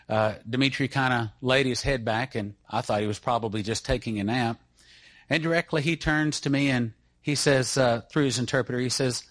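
A middle-aged man speaking earnestly to a gathered congregation, leading them through a personal story. His voice sits at an ordinary middle pitch, and the recording is dry and close, with little sound of the room. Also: fairly bright tone, no echo. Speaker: church speaker introducing a guest. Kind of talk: testimony-style talk to an audience.

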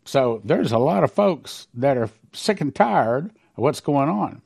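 A man's voice: mid-range voice, lively intonation, measured pace, vocal fry, darkish tone, breathy edge. Male host, emphatic and preachy, reads prophecy passages and stresses the numbers. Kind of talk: reading and commenting on prophecies.

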